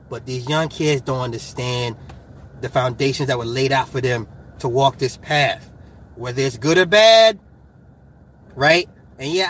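A middle-aged man in casual chat, animated and profane, getting hyped and laughing as he argues his point. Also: on the high side.

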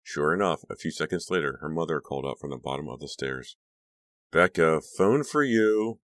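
Very deep male audiobook narrator. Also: fast talker, a bit bright, no echo, studio quality.

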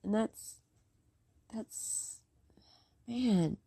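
A woman's voice: a little high, drawn-out words, dark tone, no room sound. A woman talking casually and emotionally about her faith, rambling and near tears, then reading scripture aloud. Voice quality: voice a bit rough today. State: close to tears. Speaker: faith vlogger.

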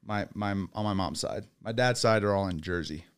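A man's voice: on the low side, moderate pace, clean tone. A young man raised in England who speaks with an American accent, chatting as a podcast guest and laughing often. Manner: animated storyteller, laughs often. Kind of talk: casual chat.

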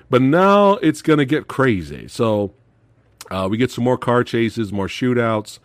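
A man hosting a casual film review chat, excitable and swearing freely, laughing often as he retells scenes. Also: medium pitch, unhurried, no room sound. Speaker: podcast host reviewing films.

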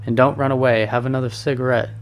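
A breezy, teasing male painter in a storybook, worldly and amused, as a male reader puts him on. His voice stays level and even, in an easy middle register. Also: medium pitch, fast, lightly acted.

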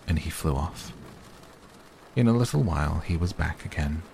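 A man reading a storybook aloud in a calm, soothing bedtime narration, with faint rain behind. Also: extremely low pitch, moderate pace, vocal fry, slight background noise. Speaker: audiobook narrator.

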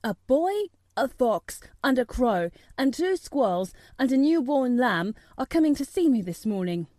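A woman's voice: on the high side, very animated, moderate pace, a little mellow, no echo, studio quality. A woman voicing an imperious sickly rich boy who gives orders in a lordly way. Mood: commanding. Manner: commanding, lordly.

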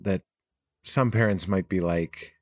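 Earnest, animated man. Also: low-pitched, slow pace, dry recording. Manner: earnest, animated, laughs often. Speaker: podcast guest. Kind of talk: casual conversation.

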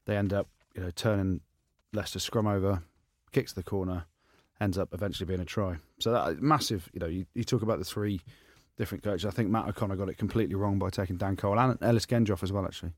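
A man co-hosting a podcast in casual chat, animated and teasing, his voice jumping high when he is incredulous. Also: quick pace, hardly any pauses, dry recording, clean studio sound. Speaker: podcast co-host, former rugby player.

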